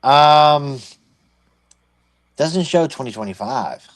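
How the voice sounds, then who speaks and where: A man's voice: a little high, expressive, takes it slowly. Rambling man in casual sports chat. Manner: rambling, thinks aloud with many restarts. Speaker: podcast co-host.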